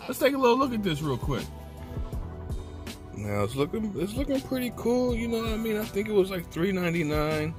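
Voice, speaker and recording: A man's voice: high-pitched, sing-song, a little fast, music in the background. A man hosting a casual food review vlog, chatty and slangy, from a parked car. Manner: slangy, laid-back, chatty. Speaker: food reviewer, channel host.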